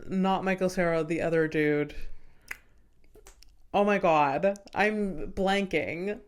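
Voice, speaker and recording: A woman's voice: lowish voice, takes it slowly. A young woman co-hosting a podcast in casual chat, talking things through and laughing often. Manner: chatty, laughs often, acts out movie scenes. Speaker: podcast co-host.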